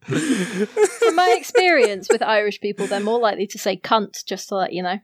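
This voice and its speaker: A woman's voice: mid-range voice, expressive, moderate pace, no room sound, clean studio sound. A woman joking and chatting wryly during a tabletop game. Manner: chatty, wry asides. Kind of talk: casual tabletop game chat.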